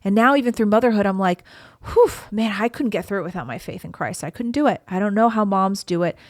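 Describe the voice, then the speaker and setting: A young woman hosts her own podcast, speaking at an ordinary middle pitch in an earnest, encouraging, conversational way. The sound is close and dry, with no room around her. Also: expressive, quick pace, dry recording. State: pregnant. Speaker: podcast host. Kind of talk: casual solo podcast talk.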